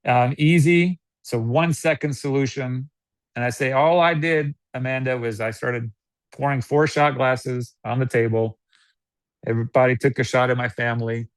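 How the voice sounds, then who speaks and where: An American man giving casual sales coaching, animated, laughing often and acting out customer dialogues. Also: mid-range voice, normal speed, smooth, no room sound. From United States. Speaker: network marketing guest.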